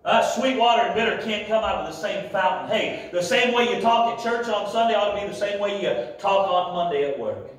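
A man preaching a sermon as pastor, with a Midwestern American accent, shouting in bursts and drawing amens back from the congregation. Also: high-pitched, a little fast. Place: large church sanctuary. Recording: echoey hall, heard from far off. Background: congregation calling amen.

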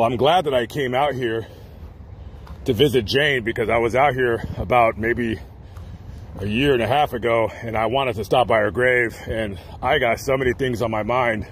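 A man's voice: mid-range voice, a bit bright, slight background noise. A man vlogging outdoors at a cemetery, telling a story in a rambling, chatty way with joking asides. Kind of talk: casual storytelling.

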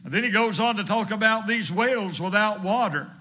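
A man's voice: sits high, moderate pace, sharp tone. A male evangelist preaching a fervent sermon, hammering his points home with repetition.

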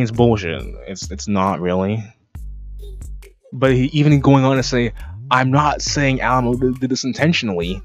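Young male streamer, mid-pitched, sarcastic and profane, rambling reaction talk over faint music. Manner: sarcastic, rambling, swears often. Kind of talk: casual profane reaction commentary.

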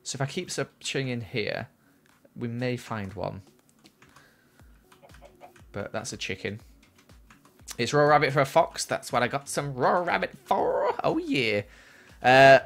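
A man's voice: mid-range voice, big pitch swings, slow pace, pauses often, fairly bright tone, soft background music. Chatty young man streaming a game. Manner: chatty, reads chat aloud and answers while playing. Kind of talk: casual live-stream chat. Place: small room at home.

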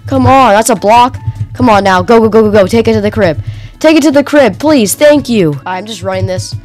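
A woman giving casual, excitable gameplay commentary, cheering and shouting at plays with a slightly strained voice. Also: a little high, fairly quick, faint music behind. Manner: casual slang. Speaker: gaming channel host.

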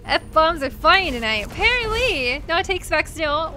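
Young woman game streamer, super lively voice all over the place, unhurried, yells and laughs a lot. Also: very high-pitched. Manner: excitable, shouting and laughing at the game. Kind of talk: live gameplay commentary.

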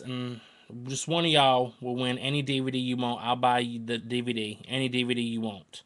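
A man's voice: medium pitch, little pitch movement, measured pace, long pauses, a bit bright. Rambling Southern man vlogging. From North Carolina, US. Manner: rambling, earnest, emotional, repeats himself. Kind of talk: casual rambling vlog to camera.

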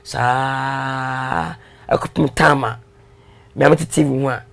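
A man being interviewed, telling his story in a casual, animated way and switching into English now and then. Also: a little high, moderate pace, creaky, husky. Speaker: guest.

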